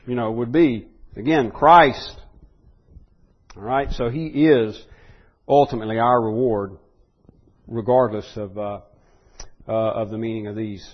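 A man teaching a conversational sermon, trailing off into soft asides and stumbling over repeated words, then pushing up to loud emphatic peaks. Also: medium pitch, highs cut off. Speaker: preacher teaching a Bible study.

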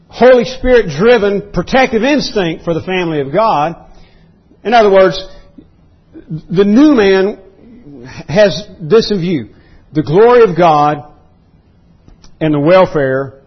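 Male pastor, sermon, slightly high voice, husky, emphatic, clears throat often. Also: expressive, slow pace, long pauses, lo-fi sound. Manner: emphatic preaching that rises into voiced outbursts. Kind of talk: expository sermon.

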